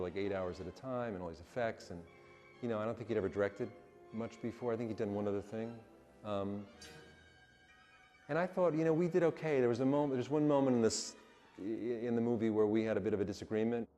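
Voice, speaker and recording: Plainspoken male actor, mellow low tone, reverberant hall sound. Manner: blunt storyteller with laughs. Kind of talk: anecdotal documentary interview.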